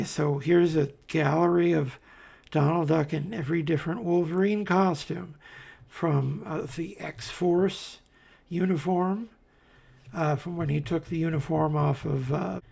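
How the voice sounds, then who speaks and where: A man's voice: fairly high pitch, gravelly, a little mellow, breathy edge. A man casually reviewing comics as he pages through them, rambling with wry asides and many fillers. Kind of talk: casual commentary while paging through comics.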